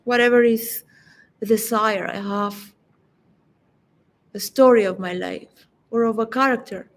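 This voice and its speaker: A woman's voice: a little high, fairly even intonation, a little slow, rough recording. A woman giving a reflective, philosophical solo monologue that rambles and halts, with frequent restarts. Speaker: vlogger.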